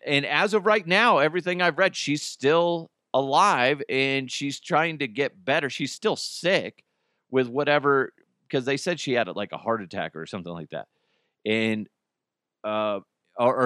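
A man with a medium-pitched, slightly bright voice hosts a casual solo podcast, recorded dry and at studio quality. He rambles and curses freely, restarting often and breaking off sentences.

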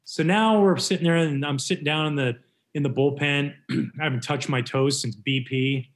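A man in his forties from Canada, a former pitcher telling a story in casual conversation with an animated, lively delivery. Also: normal speed. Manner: animated, lively retelling with voiced quotes.

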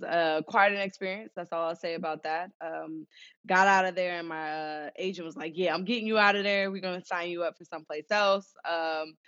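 A young woman from Southern California, once a professional basketball player, recounts her story in a casual interview. Her voice sits lowish with a slight brightness, and she acts out quoted voices amid plenty of fillers. The recording has a dull, lo-fi quality.

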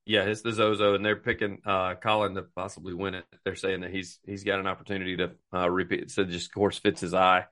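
A man's voice: deep voice, fast talker, hardly any pauses. A man co-hosting a casual podcast, telling stories and acting out quotes. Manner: animated storytelling, acts out quotes. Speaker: podcast co-host. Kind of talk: casual chat about golf.

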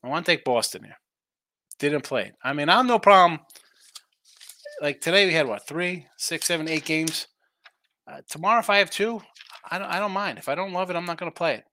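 A man's voice: on the high side, brisk, long pauses, pushed and bright. A man hosting a live sports betting show, chatting casually through the day's games and reading viewer comments, thinking aloud and answering his own questions.

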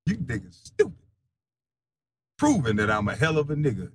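A man's voice: huge pitch swings, moderate pace, a little hiss or hum. Defiant man in a mocking profane rant. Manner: defiant, mocking, swings from low mutters to loud taunts; laughs scornfully between lines. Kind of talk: heated profane monologue.

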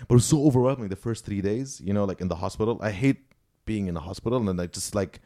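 A man's voice: fairly low pitch, rapid-fire, mellow. A young man, a podcast host, telling a long story in casual chat, packed with "like" and "you know".

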